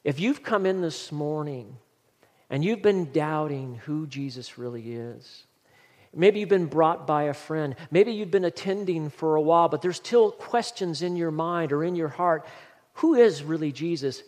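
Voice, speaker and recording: A man's voice: on the high side, unhurried, darkish tone, long reverb tail. A male pastor preaching a sermon in an earnest, emphatic manner, reading scripture aloud.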